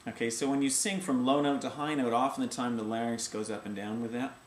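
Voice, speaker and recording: Middle-aged guy voice teacher explaining singing stuff, mid-pitched, roomy echo, bit of hiss behind. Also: fairly even intonation, fast talker. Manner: demonstrates sung vowels and sounds between explanations. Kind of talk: casual video voice lesson. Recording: echoey room with faint ambient noise.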